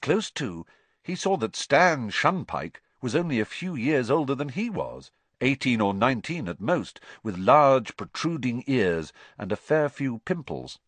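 Lively male audiobook narrator, dry sound. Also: medium pitch, measured pace, no echo. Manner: lively, expressive storytelling.

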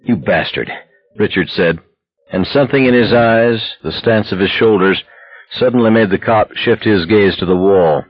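A man narrating a novel as an audiobook in a steady, measured way. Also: on the low side, no echo. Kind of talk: scripted narration. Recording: dull lo-fi dry recording.

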